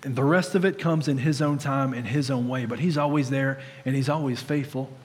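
A man's voice: medium pitch, steady tone, a little fast, darkish tone, long reverb tail. A man in his thirties preaching a sermon in a conversational way, with humorous stories. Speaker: pastor.

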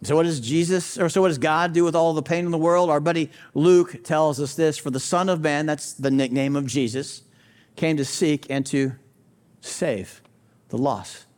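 A man with a high voice preaches a sermon, stacking short repeated lines for emphasis. He talks straight to the listener and throws out rhetorical questions like a pastor addressing doubters. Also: fairly even intonation, normal speed, darkish tone. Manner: emphatic, repetitive preaching cadence.

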